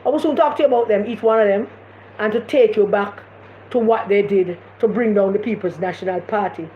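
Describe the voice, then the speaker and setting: A woman's voice: medium pitch, fairly quick. Impassioned Jamaican woman on a live stream. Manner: impassioned, repetitive, emphatic. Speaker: political commentator hosting a live stream. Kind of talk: casual live-stream commentary. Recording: echoey room, dull lo-fi sound, faint noise.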